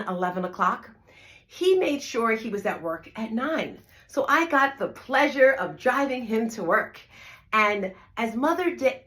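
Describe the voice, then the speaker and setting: A woman's voice: mid-range voice, a bit bright. A middle-aged woman from New Jersey, a fitness instructor, telling a personal story to an audience in a conversational, emphatic way, often checking in with "right?". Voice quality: emphatic, repeats phrases for effect. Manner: conversational, asks "right?" to listeners.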